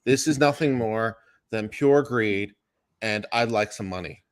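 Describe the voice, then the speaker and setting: A man's voice: fairly low pitch, measured pace, smooth. A man joining a stream as a guest commentator, bluntly dismissing a lawsuit. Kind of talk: casual chat.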